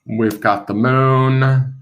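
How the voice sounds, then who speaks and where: A man's voice: mid-range voice, fairly even intonation, extremely slow, highs cut off. A man hosting a casual tarot deck unboxing stream, playful and joking as he goes. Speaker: tarot reader and channel host.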